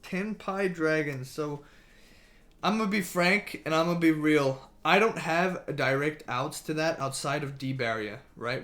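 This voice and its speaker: A man's voice: a little high, fairly bright tone. Casual swearing male streamer. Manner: swears casually, restarts a lot, reads chat aloud. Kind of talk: casual live-stream chat.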